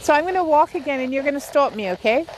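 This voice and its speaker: A woman paranormal investigator gently coaxing and questioning spirits during an outdoor session in a cemetery. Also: sits high, lively intonation, fast talker, background noise.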